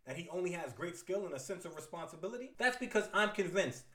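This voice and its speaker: A man with a bright, forceful voice and a somewhat high pitch retells a comic book story with playful, theatrical asides. The sound is roomy and echoey. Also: expressive, fast talker.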